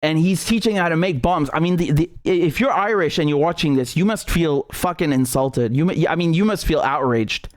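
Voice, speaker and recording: A man's voice: on the high side, normal speed, few pauses, dry recording, clean studio sound. A man from Britain giving indignant commentary, outraged, profane and repetitive. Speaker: political commentator.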